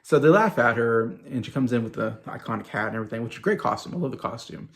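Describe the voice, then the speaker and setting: A man's voice: medium pitch, animated, fast talker. A man hosting his own video, rambling through an exasperated casual movie review with mocking asides. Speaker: video host.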